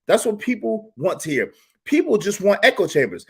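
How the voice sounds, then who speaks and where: A man with a high, lively voice hosts a live stream, chatting casually to his viewers. He swoops up and down in pitch as he tells his story, repeating phrases and dropping slang. His delivery is loose and conversational. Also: moderate pace, slightly rough. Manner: animated, repetitive, slangy storytelling. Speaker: YouTube live stream host.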